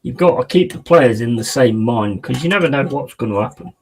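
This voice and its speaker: A man hosts a live football watch-along, talking in a loose, slangy, excitable way and calling his viewers mate. His voice sits at a middle pitch for a man. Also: fairly quick, rough recording. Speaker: football fan streamer.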